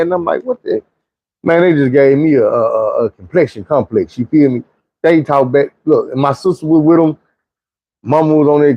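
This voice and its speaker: A man's voice: fairly high pitch, no room sound, lo-fi sound. Profane slangy man telling stories. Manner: loose, rambling delivery with restarts. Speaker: storyteller. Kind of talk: casual storytime monologue.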